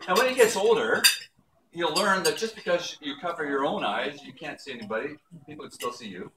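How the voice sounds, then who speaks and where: An older man giving a storytelling speech at an awards ceremony, with warm anecdotes and playful voiced quotes. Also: fairly high pitch, animated, brisk, noisy background. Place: banquet hall. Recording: echoey hall from far off with dish clatter.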